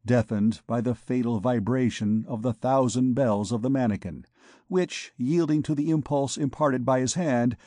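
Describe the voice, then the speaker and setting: Guy reading an audiobook, steady and measured, mid voice, dry close sound. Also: mid-range voice, dry recording. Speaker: audiobook narrator. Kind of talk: scripted narration.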